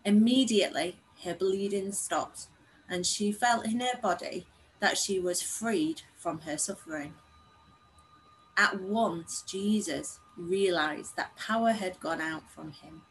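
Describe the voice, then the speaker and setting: A woman reads a scripture passage aloud to a congregation. Her reading is measured, earnest and unhurried, with a faint hum of room sound behind it. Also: mid-range voice, rough recording. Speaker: scripture reader.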